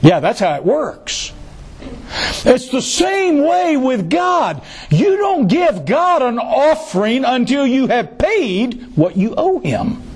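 A man's voice: very high-pitched, big pitch swings, slow, breathy edge. A male pastor preaching a sermon, who repeats key phrases for emphasis and adds joking asides.

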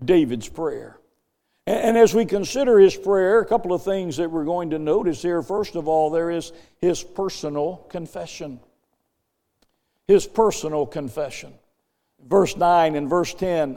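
An older male pastor delivers a sermon in a fairly high, mellow voice. He repeats words and phrases, his volume swelling and sinking. The sound carries the long reverb of a church hall. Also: measured pace, long pauses.

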